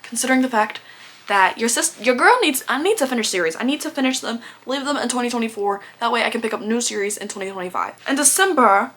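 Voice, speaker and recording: A woman's voice: on the high side, a bit bright. A young woman vlogging about books, chatting casually and animatedly with lots of fillers and slang. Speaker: book vlogger. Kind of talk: casual rambling book review.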